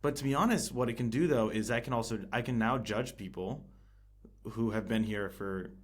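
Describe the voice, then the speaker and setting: A man in casual podcast conversation, talking in a halting way with many restarts and fillers. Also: medium pitch. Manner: hesitant, many restarts and fillers, laughs easily. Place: living in Italy.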